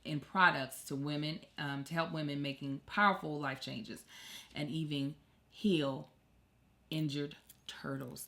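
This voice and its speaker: A woman's voice: low-pitched, fairly even intonation, measured pace, creaky, fairly bright tone. A woman in her thirties hosting a podcast, reading a sponsor message in an upbeat way and adding playful asides. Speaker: podcast host. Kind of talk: reading an ad, casual chat.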